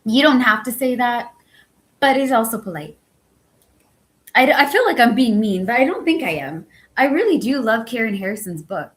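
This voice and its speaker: Squeaky-voiced woman reading aloud. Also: expressive, normal speed, rough recording. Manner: swears freely and chats between passages. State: voice worn from talking all day. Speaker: book-reading channel host. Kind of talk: reading a book aloud with casual commentary.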